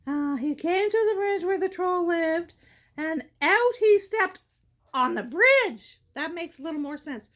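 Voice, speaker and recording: High-voiced woman reading a story, joking. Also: expressive, a little slow, fairly bright tone. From Canada. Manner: joking, rambling asides. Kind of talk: casual read-aloud storytelling.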